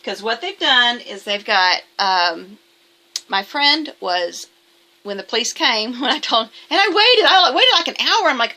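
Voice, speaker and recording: Bright-voiced woman vlogging emphatically. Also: fairly high pitch, animated, a little slow, pauses often. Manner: emphatic, defensive, rambling with restarts. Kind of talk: casual monologue to camera.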